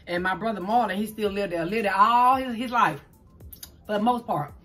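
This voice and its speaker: Eating on camera indoors against a green screen, this middle-aged woman from New Orleans spins a story at speed, stumbling now and then and addressing viewers as "child". Her Southern accent carries a New Orleans flavor, and her mid-range voice has a fairly bright tone. Soft music plays behind her.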